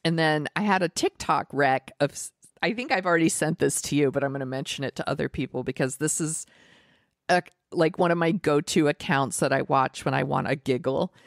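Chatting casually as a podcast co-host, this woman speaks briskly in a deep, creaky voice. Her recommendations ramble along with giggles and plenty of "like" fillers, and the sound is clean studio audio with no room sound.

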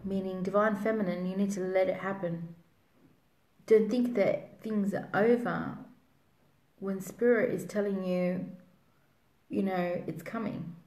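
A woman's voice: mid-range voice, steady tone, a little slow, long pauses, a little mellow. A woman psychic giving a spiritual reading in a rambling way, full of fillers. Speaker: psychic reader. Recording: roomy echo.

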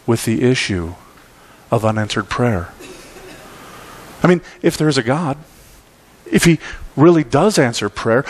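A male pastor preaching a sermon, telling a story with emphatic repeats. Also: mid-range voice.

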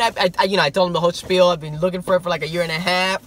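A man vlogging casually, telling a story in an excitable, animated way, with some stammering. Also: sits high, fast talker. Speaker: toy-hunting vlogger.

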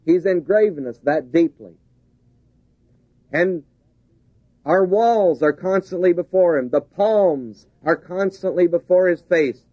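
A man's voice: high-pitched, slow, pauses often, no echo. A man preaching a sermon, driving his points home with repeated, rising emphasis. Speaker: pastor. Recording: dull lo-fi 1970s tape.

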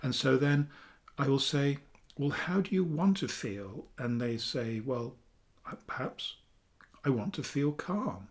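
A man, a therapist calmly teaching a self-help technique in a chatty video, with fillers, dropping softly for affirmations. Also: mid-range voice, measured pace. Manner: calm, chatty explaining with fillers, softening to near-whispers for affirmations. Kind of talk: talking-head teaching video.

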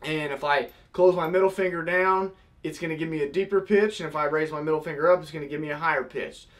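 A man's voice: fairly high pitch, fast talker. A young man casually teaching, step by step, how to blow a goose call. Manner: step-by-step, demonstrating with vocal honk sounds.

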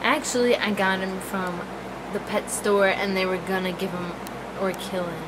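A woman's voice: medium pitch, level tone, normal speed, noisy background. A young woman filming her dogs outdoors on a handheld camera, laughing often and chatting playfully in baby talk to her pets. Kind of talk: casual home video chat. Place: outdoors at sunset.

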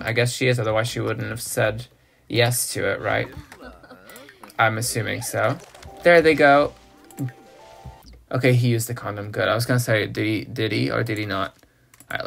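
Gravelly let's-play host. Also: mid-range voice, fairly bright tone. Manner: chatty, thinking aloud, teasing the game characters. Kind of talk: casual gameplay commentary.

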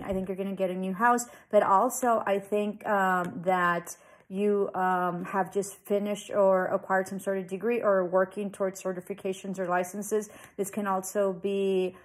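A woman giving a tarot reading to her viewers, speaking in a relaxed, rambling way. She reassures them and keeps checking in with little tag questions. Her voice sits at a middle pitch for a woman. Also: poor audio. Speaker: tarot reader. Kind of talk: casual tarot reading to camera.

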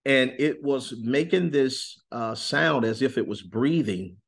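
A man giving an earnest, intense testimony in a sit-down interview, slowing on key words and rising suddenly in pitch and volume. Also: vocal fry, breathy edge. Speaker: interview guest.

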